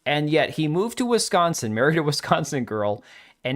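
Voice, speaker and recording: A man's voice: medium pitch, lively intonation, normal speed, a bit bright. A man from Washington state hosting a casual livestream, rambling bluntly about games and reacting to chat with casual swearing. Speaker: livestream host.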